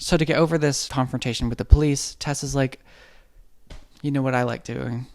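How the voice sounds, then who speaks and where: A man's voice: mid-range voice, fairly even intonation, a little fast, creaky, a little mellow. A man hosting a comedic movie recap, talking casually with irreverent, slangy jokes and playing the characters' lines himself.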